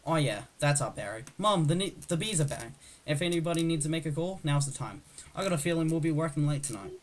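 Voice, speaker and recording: A man's voice: fairly high pitch, expressive, quick pace, rough recording. Man racing through a script read. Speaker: script reader. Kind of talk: speed-reading a film script aloud.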